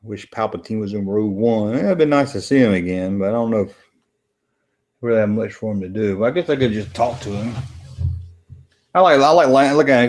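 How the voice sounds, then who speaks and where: A man with a lowish voice and a fairly quick pace offers loose commentary over a film during a late-night stream at home. He rambles in a laid-back way, reads chat out loud, and throws in jokes.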